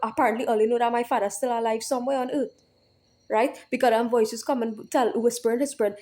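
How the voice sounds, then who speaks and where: A woman's voice: fairly high pitch, steady tone, quick pace, darkish tone. A woman delivering an angry venting monologue, repetitive and emphatic with profanity, who keeps asking "right?".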